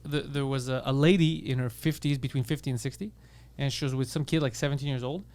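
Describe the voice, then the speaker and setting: A man's voice: mid-range voice, steady tone, a little mellow. A man co-hosting a comedy podcast, telling stories in a crude, casual way. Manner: rapid storytelling with crude humor. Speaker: podcast co-host.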